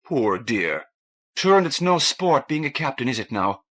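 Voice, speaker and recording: A man voicing a gentle, affectionate young woman in a read audiobook. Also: medium pitch, sing-song, a little slow, voice pushed up. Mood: tender. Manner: soft, affectionate.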